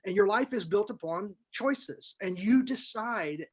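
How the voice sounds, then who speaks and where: A man, co-host and author on a podcast, tells a story in a casual, animated way, repeating himself and adding fillers as he goes. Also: high voice, unhurried, breathy edge. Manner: animated, rambling storyteller who repeats words.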